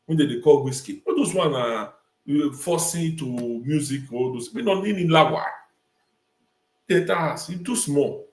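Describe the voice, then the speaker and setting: A man's voice: a little high, expressive, unhurried. Ranting Nigerian man in an echoey room. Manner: emphatic, repeats phrases. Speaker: talk show host. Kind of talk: ranting live-stream commentary.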